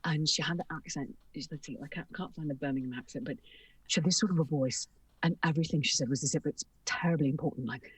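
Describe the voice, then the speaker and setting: A woman voice actor talking candidly on a panel, animated and laughing often. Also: low-pitched, fast, slightly rough, no echo. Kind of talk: casual panel talk. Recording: dry sound from a distant mic.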